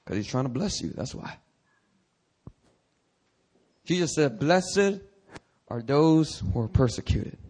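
A man's voice: mid-range voice, big pitch swings, slow pace, pauses often, darkish tone, husky. A male pastor preaching a sermon, talking candidly with his congregation and breaking into dramatic, rising cries. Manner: conversational, candid asides to the congregation.

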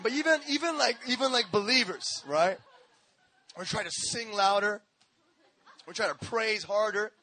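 With a high voice and frequent pauses, a young preacher speaks at normal speed through an energetic sermon. He tells stories, does voices, laughs a lot, and hammers his points with a rhythmic, repetitive emphasis.

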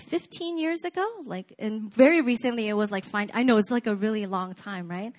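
Casual, chatty woman preaching a sermon. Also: on the high side.

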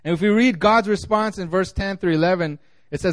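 A man's voice: sits high, a little fast, dry recording. A man preaching a conversational sermon, restarting often and filling with "you know.". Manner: conversational, many fillers and restarts. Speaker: pastor.

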